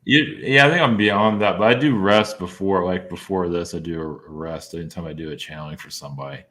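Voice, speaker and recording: A man being interviewed as a guest, speaking in a halting, casual way with many fillers and small laughs. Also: sits low, bright, forceful tone. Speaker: guest, channeler.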